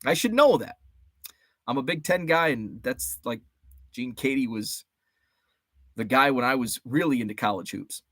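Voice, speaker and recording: A man's voice: medium pitch, expressive, moderate pace, pauses often, a bit bright, no echo, clean studio sound. A man around forty hosting a casual livestream, rambling through memories, greeting chat viewers by name and swearing mildly. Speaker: host.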